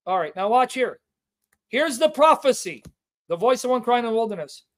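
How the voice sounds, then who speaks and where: A man's voice: extremely high pitch, big pitch swings, a bit bright. A man hosting a livestream Bible teaching, reading scripture aloud and stressing key words again and again. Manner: emphatic, repeats key words to drive the point home; reads scripture aloud with slow stressed delivery.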